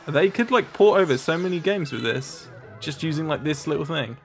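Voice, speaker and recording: A young man in his twenties, a gaming host, joking and reacting excitably while he plays. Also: a little high, a little fast, gravelly, soft background music. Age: 20s. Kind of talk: let's-play commentary.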